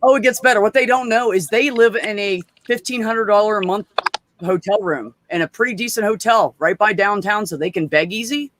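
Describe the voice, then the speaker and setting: A man's voice: high-pitched, a little fast, noisy background. A man in casual chat, telling stories bluntly with plenty of swearing. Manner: blunt, profane storyteller.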